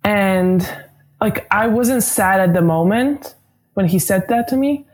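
A woman's voice: medium pitch, slow. A young woman, a guest telling a personal story in a casual, chatty interview, filling her talk with "like". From Croatia. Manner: chatty, animated, many "like" fillers. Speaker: guest, basketball player.

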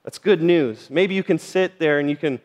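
A man's voice: on the high side, moderate pace. A middle-aged man preaching a sermon as pastor, speaking earnestly and directly to the congregation. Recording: church hall reverb.

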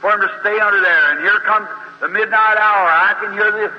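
A man preaching a fiery revival sermon, telling a story with acted dialogue and climbing to high exclamations. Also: fairly even intonation, fairly quick. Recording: dull lo-fi hall recording with faint hiss.

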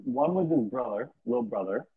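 A man's voice: medium pitch, animated, a little fast, breathy edge, no room sound. A man co-hosting a podcast, bantering and teasing in casual chat. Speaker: podcast co-host. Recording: dry tinny phone-like line.

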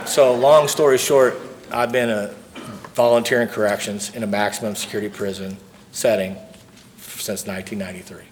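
A middle-aged man from St. Louis speaks as an AA speaker, earnest and story-driven, and he repeats his key lines for weight. His voice sits a little low. A faint room ambience is heard behind him. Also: steady tone, normal speed, noisy background. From St. Louis, Missouri. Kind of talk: recovery talk to a live audience.

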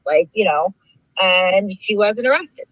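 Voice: mid-range voice, expressive, slow pace, a bit bright, no room sound, dull audio. A guest on a call, talking casually and hesitantly with many fillers. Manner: hesitant, full of "like".

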